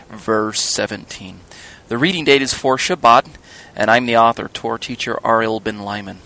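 Male Bible teacher, mid-pitched voice, halting explanations, fillers, spells out terms letter by letter. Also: bright, forceful tone. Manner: searching for words, frequent fillers and restarts. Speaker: Torah teacher.

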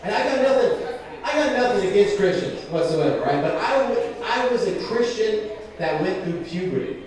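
A man's voice: sits high, expressive, moderate pace, a little mellow. A young man doing a rambling, profane stand-up comedy set with frequent asides. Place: comedy club stage. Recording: echoey club from a distance.

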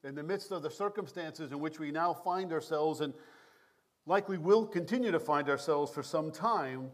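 A male pastor with a slightly higher voice delivers a sermon in a measured, prayerful cadence. His New York accent shows through at times.

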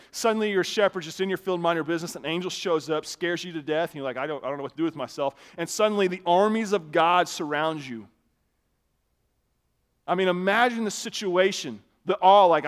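A man in his thirties, a pastor preaching a conversational sermon with animated storytelling and casual asides. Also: on the high side.

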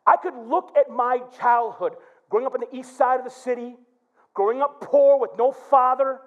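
A man's voice: very high-pitched, normal speed, phone-quality sound. A middle-aged male pastor preaching a sermon, telling stories and acting out prayers. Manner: animated preaching with quoted prayers.

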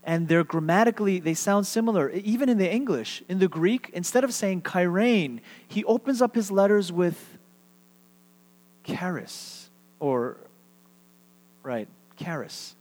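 A man's voice: high-pitched, expressive, measured pace, a little mellow. A man preaching a sermon as pastor, speaking conversationally and leading his congregation in call-and-response. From Texas. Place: church sanctuary. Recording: reverberant hall.

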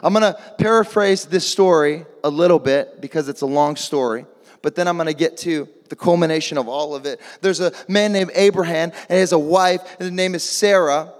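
A male preacher giving a lively sermon, urging the crowd to answer back, with jokey asides and sudden shouts. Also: a little high, fairly quick. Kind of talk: lively sermon with call-and-response. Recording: long echo of a large hall.

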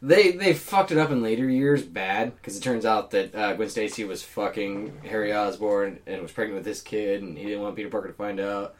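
A man in casual podcast chat, animated and swearing freely, cracking jokey asides. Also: lowish voice, brisk, hardly any pauses, recorded from a distance.

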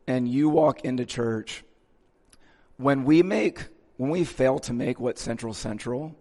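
A man's voice: mid-range voice, a little mellow, big-room sound. A male pastor giving a conversational sermon in a church, casually checking in with his listeners as he goes.

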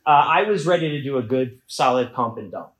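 Brisk and animated, a middle-aged man from Houston, Texas, with a mid-range voice delivers a comic story to an audience. He keeps it loose and self-mocking, slipping into shouted quoted voices. It was recorded in an echoey room.

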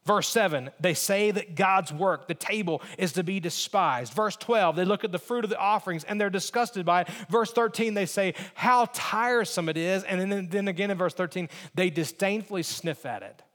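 A man with a notably high voice preaches to his congregation, leaning on repetition and earnest emphasis. His words ring out with the long reverb of a large church hall. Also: moderate pace, hardly any pauses, a bit bright. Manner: earnest, repetitive emphasis, mimics others in asides. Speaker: pastor. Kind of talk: sermon.

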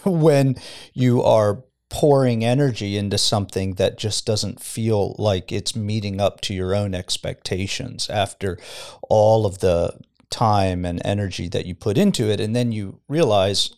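Brief: middle-aged male pastor guest, lowish voice, thoughtful and storytelling with light chuckles, podcast studio. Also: a little mellow. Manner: reflective, chuckles while telling stories. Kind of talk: casual podcast conversation.

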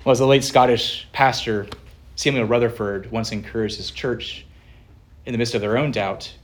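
A man preaching a sermon as pastor, earnest, slowing down and swelling louder on the key phrases. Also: mid-range voice, fairly even intonation.

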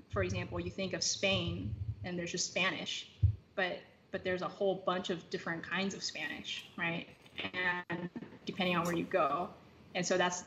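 Woman guest, bright tone, loose conversational explainer full of fillers; dull lo-fi recording, faint noise. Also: fairly low pitch. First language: English. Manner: many fillers and restarts, rising into animated bursts. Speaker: podcast guest. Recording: slightly dull lo-fi audio with faint background hiss.

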